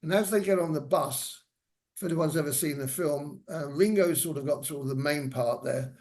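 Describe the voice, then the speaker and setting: Older male guest speaker with a slightly high voice, rambling through anecdotes at a lecture. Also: normal speed, a little mellow. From England. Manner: rambling anecdotal delivery with fillers. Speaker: guest speaker, former hairdresser. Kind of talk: lecture storytelling. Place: senior center lecture hall.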